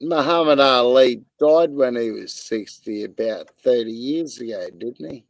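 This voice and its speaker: A man's voice: medium pitch, a little slow, vocal fry, dry recording. A man with an Australian accent joining a casual chat over a call, laid-back, sweary and giggly.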